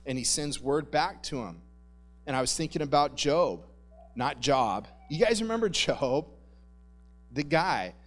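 Guy preaching, slightly high voice, chill and jokey, soft music in the back. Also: sing-song, unhurried, long pauses. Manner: conversational, jokey, addresses the congregation as "guys". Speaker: pastor. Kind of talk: casual sermon.

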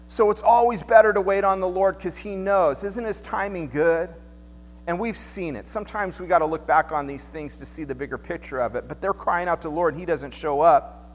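A man's voice: high-pitched, fairly quick, a bit bright, long reverb tail. A man preaching a sermon as pastor, in a conversational, joking way, acting out the people he quotes.

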